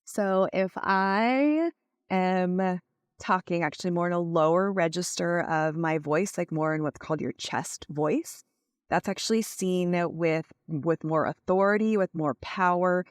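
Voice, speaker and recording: Podcast host, woman, lowish voice, coaching delivery, dry close sound. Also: fairly even intonation, moderate pace, no echo. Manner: coaching tone, asks listeners to check understanding; uses many "like" fillers. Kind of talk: solo podcast teaching.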